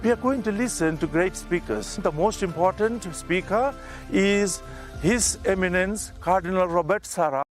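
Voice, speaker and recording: Man, high pitch, earnest promotional speech, faint background music. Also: normal speed. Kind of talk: promotional talk.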